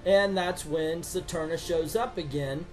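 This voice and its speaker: A man's voice: a little high, measured pace, faint music behind. A man giving a sarcastic, exasperated comic book review, swearing now and then.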